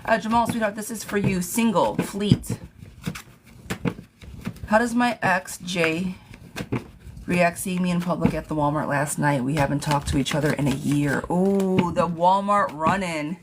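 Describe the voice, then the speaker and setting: With background noise behind her, a woman speaks at a measured pace in a low-leaning voice. She's a tarot reader doing yes-or-no readings on a livestream, casually reading out viewers' questions and thanking commenters.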